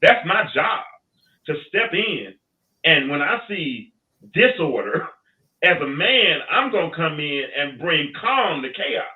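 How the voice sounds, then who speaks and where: Talk show guy, kinda high voice, sounds far off over a tinny phone line, gets animated telling stories. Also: slow. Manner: animated storyteller, plain-spoken. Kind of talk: casual panel discussion.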